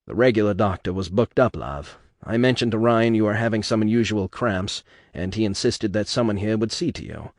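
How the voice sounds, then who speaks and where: A blunt, plain-spoken working husband, as a man reads him, protective of his wife and easygoing in manner. His voice sits fairly low and dry in a storybook reading. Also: brisk, no echo, close to an everyday voice. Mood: reassuring.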